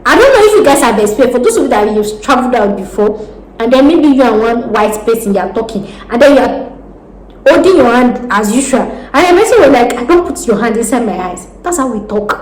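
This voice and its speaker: A Nigerian woman with a Nigerian accent, giving casual job advice in a vlog, animated and laughing often as she talks with her hands. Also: a little high, brisk. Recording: roomy echo with faint background noise.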